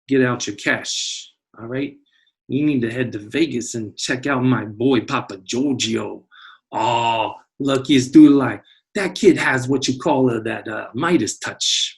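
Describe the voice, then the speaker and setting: Man doing jokey math-teacher patter. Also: medium pitch. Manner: jokey, playful put-on tough-guy patter. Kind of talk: comedic video lesson intro.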